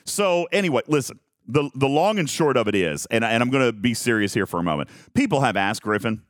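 A man hosting a live stream, talking in a rambling, self-mocking way with lots of halting restarts. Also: medium pitch, animated, no room sound. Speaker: host of a live game talk stream. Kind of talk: casual live-stream chat.

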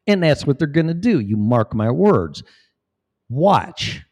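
A man's voice: fairly high pitch, sing-song, takes it slowly, a little mellow. Profane, rambling male vlogger. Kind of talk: casual commentary.

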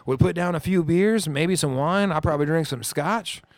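A man co-hosting a casual podcast, telling road-trip stories with loud, profane, acted-out bursts. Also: on the high side, moderate pace, dry recording. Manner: animated, profane storyteller acting out scenes loudly. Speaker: podcast co-host. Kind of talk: casual storytelling.

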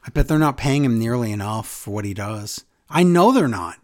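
Man, podcast co-host, sarcastic and fed up, medium pitch, sneering asides. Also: lively intonation, fairly quick. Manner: sarcastic, exasperated, mocking impressions. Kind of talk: casual chat recapping wrestling.

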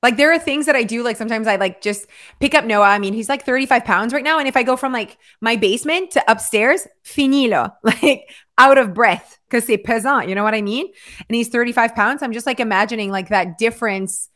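A woman hosting a casual chat about weight loss and sleep, talking fast with lots of "like". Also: a little high, fairly bright tone. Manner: chatty, lots of filler "like". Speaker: host.

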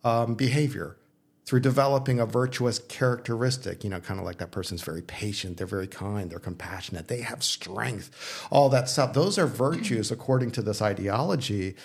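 Gravelly-voiced male pastor. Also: on the low side, moderate pace. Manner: thinking aloud, with restarts and frequent "okay?" check-ins; playful, teasing. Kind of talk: casual discussion on faith and philosophy.

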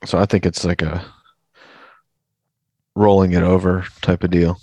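A man co-hosting a casual basketball podcast, giving news in a measured, analytical way. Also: sits low, level tone, warm tone, no echo. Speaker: podcast co-host, news segment.

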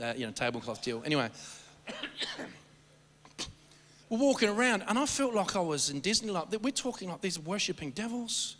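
A man preaching and telling stories, rambling and animated, often stammering and restarting his sentences. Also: sits high, moderate pace, pauses often, a little hiss or hum. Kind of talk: sermon storytelling. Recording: long hall reverb.

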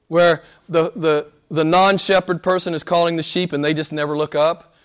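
A male pastor preaching a sermon in a conversational way, speaking straight to his listeners and swinging from loud stresses down to near-whispers. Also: fairly high pitch, level tone, moderate pace, clear, resonant tone. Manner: conversational, addresses listeners directly.

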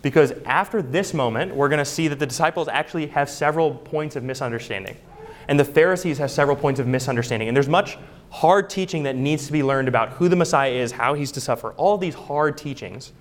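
A man's voice: fairly high pitch, fast. A man preaching a sermon, earnest and emphatic, often asking rhetorical questions.

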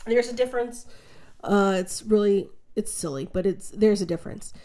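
A woman telling stories in a lively, chatty way, acting out what people said. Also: mid-range voice, moderate pace. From United States. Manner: animated, chatty, acts out quotes in her story. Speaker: guest. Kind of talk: casual conversational storytelling.

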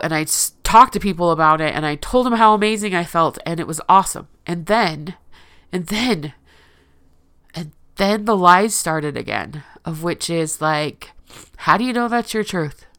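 A woman with a smooth, resonant voice pitched a little low talks straight to her audience in a personal, confessional monologue. She is earnest and emotional, and often stops to restart or correct herself mid-sentence. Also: a little slow, fairly bright tone.

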